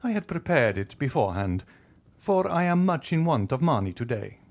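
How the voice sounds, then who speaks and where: A man voicing a wealthy, suave nobleman in an audiobook, speaking with smooth, mocking courtesy. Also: mid-range voice, sing-song, normal speed, pitched above the performer's own voice. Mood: ironic. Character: wealthy, suave, coolly ironic male nobleman. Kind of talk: audiobook character reading.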